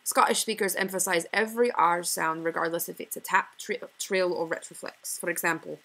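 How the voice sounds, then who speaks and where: A young woman reading a class presentation, slowly sounding out example words one at a time. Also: fairly low pitch, fairly even intonation, vocal fry, a bit bright, poor audio. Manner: reads slowly, pausing to demonstrate word examples one by one. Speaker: student presenter.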